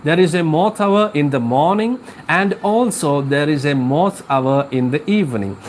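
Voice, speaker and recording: A man teaching an English class, explaining a poem slowly with frequent filler pauses. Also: a little high, animated, slight background noise. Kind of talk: live class lecture on a poem.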